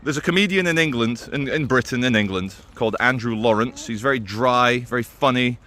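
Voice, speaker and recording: A man talking straight to camera in a loose, rambling way, stopping and restarting as he goes. His voice sits at an ordinary, middle pitch, and he drops in dry little asides between his points. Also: fairly quick, sharp tone. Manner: rambling, stops and restarts, many "uh" fillers. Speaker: vlogger. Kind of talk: casual commentary to camera.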